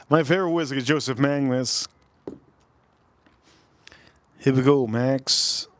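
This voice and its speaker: A man's voice: mid-range voice, slow pace. A man hosting a live stream in a loose, repetitive, chatty way, calling out viewers' names one after another. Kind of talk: casual live stream chat.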